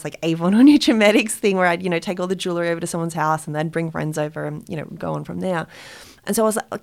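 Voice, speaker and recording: Brief: Australian woman guest, slightly low pitch, chatty, lots of "you know". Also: creaky. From Australia, small town. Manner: chatty, many fillers like "you know", quick laughs. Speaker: guest, jewellery brand founder and author. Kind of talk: casual interview chat.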